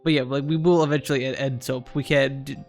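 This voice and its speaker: A man hosting a casual stream, easygoing and quick to laugh, often repeating words. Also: mid-range voice, steady tone, darkish tone, soft background music. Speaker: streamer host.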